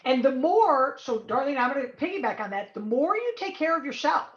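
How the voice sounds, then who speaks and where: A woman's voice: high voice, big pitch swings, fairly quick, reverberant, dull audio. A woman speaking as a guest in an online talk, giving emphatic and encouraging advice over a video call. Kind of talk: webinar talk.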